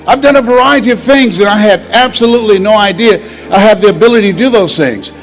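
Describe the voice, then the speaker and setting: High-voiced man giving an emphatic motivational talk. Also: quick pace, soft background music. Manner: storytelling, acting out quoted dialogue; emphatic, preacher-like repetition. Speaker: motivational speaker. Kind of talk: motivational speech.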